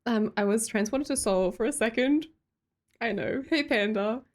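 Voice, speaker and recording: A woman's voice: a little high, moderate pace. An Australian woman hosting a livestream, chatting casually and reading out viewer comments in a bubbly way, laughing often. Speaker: livestream host.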